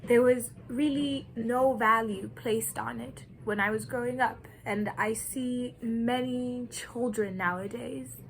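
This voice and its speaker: A woman from Kenya giving an earnest, deliberate personal reflection, with nervous laughs now and then. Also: fairly high pitch, steady tone, slight background noise, low-quality recording. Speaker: vlogger.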